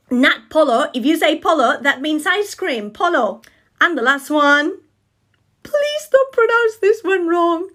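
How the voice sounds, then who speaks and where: A woman's voice: high voice, fairly bright tone. A woman giving a short pronunciation lesson, correcting words in an emphatic, playful way. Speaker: Spanish teacher.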